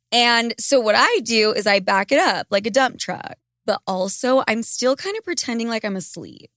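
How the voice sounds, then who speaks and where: Speaking at a moderate pace with few pauses, a young female podcast co-host with a voice on the high side holds a frank, casual chat. She's blunt and profane and tells animated stories, in a studio-quality recording without echo.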